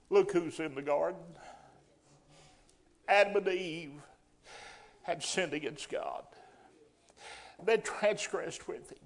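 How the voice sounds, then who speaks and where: A man preaching a sermon in a folksy way, rising to loud emphatic bursts. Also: high-pitched.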